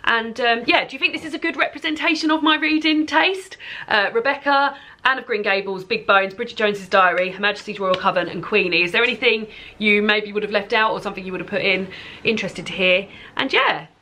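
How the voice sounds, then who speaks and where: Bright-voiced chatty woman vlogger. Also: mid-range voice, brisk. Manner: chatty and rambling, with many fillers and laughs. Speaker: book vlogger. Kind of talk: casual chat to camera.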